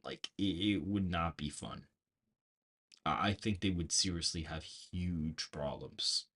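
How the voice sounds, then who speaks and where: A man's voice: deep voice, takes it slowly, fairly bright tone, slightly rough. A man hosting a political livestream, talking casually and rambling through a story with frequent restarts. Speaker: political show host. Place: bedroom.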